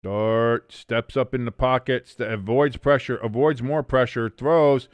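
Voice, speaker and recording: A man streaming a casual watch-along, calling the plays live and reading chat aloud, who gets loud and stunned at big plays. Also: mid-range voice, unhurried, hardly any pauses, clear, resonant tone, dry recording, studio quality. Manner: excitable, shouts in disbelief at big plays, reads chat aloud. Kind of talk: casual live play-by-play commentary.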